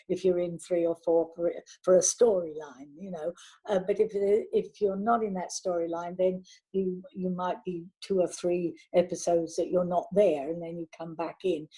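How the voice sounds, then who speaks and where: An older woman, a veteran actress, chatting warmly in an interview and telling anecdotes from her career. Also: on the low side, husky, low-quality recording. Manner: warm anecdotal, chatty with restarts. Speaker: actress guest. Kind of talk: reminiscing interview talk.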